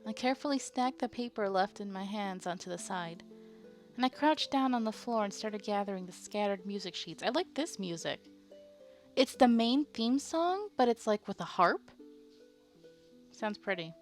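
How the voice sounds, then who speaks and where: A woman streaming a game, reading its story aloud in an ordinary middle-range voice. She moves easily between reading the text and joking with her viewers. Soft game music plays faintly underneath. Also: medium pitch, lively intonation, normal speed. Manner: chatty, playful, reacts to chat.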